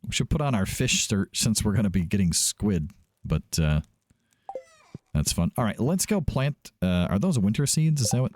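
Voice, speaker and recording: A man's voice: fairly low pitch, sing-song, normal speed, darkish tone, no room sound. A man hosting a let's play, giving casual gameplay commentary, chatty and thinking aloud as he often corrects himself.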